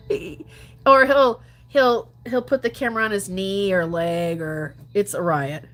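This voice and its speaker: A woman's voice: medium pitch, measured pace. A woman chatting casually on a livestream, answering viewer comments, laughing often and dropping to mutters and whispers. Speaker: gambling livestreamer.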